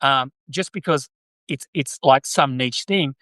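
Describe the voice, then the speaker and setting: An Australian man hosts a live stream and chats with his viewers in a rambling, self-correcting way. His voice is forceful and bright. It is recorded close and dry, with no room sound. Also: mid-range voice, measured pace, no room sound. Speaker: podcast host. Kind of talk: live-stream chat answering viewer comments.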